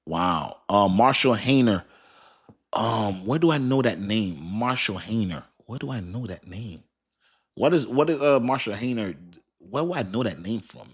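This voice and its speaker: A man's voice: on the low side, very animated, a little slow, slightly rough. A man hosting a casual crypto live stream, talking loosely and repeating himself as he reads aloud and answers his chat, often laughing. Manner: laughs often and thinks aloud while reading. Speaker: crypto livestream host.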